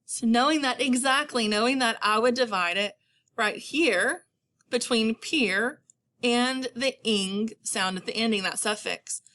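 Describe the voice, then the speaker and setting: A woman teacher giving a patient phonics lesson, stretching words out slowly for her students. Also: on the high side, sharp tone.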